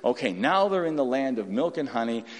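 Male pastor, folksy informal sermon, lively fairly high voice, long hall echo. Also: brisk. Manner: folksy and animated, acting out quotes in voices.

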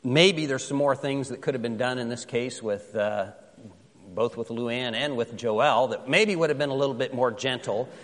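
A man preaching a sermon as pastor, telling a story in a conversational way and reading scripture slowly and with care. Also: medium pitch, a bit bright, big-room sound.

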